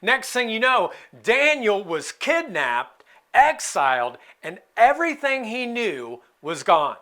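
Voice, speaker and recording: A man preaching a sermon in a conversational, expressive way, with playful asides. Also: sits high, takes it slowly. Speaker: pastor.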